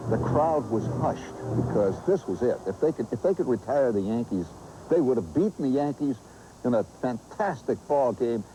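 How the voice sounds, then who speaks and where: Man, storyteller, lively swinging pitch, mellow dark tone, humorous nostalgic yarn. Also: a little hiss or hum, poor audio. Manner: animated, nostalgic yarn-spinning with vivid asides. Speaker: host and storyteller.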